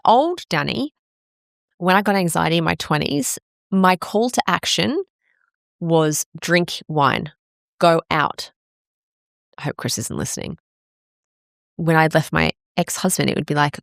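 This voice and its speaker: Blunt forties fitness coach lady, swears a lot, lowish voice, dry sound. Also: measured pace, gravelly, long pauses, no room sound. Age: 40s. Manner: frank, swears freely. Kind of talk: candid personal monologue.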